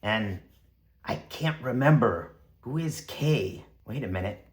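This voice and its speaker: Excitable man narrating a solo tabletop game. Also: on the low side, takes it slowly. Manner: excitable, acts out scenes with sound effects and yells. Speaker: game master and solo player.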